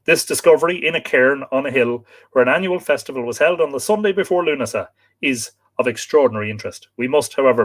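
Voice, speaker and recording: Irish male host, live-stream book reader, mid-pitched voice, chatty asides to viewers. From Ireland. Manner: spells out place names letter by letter, chatty asides to viewers.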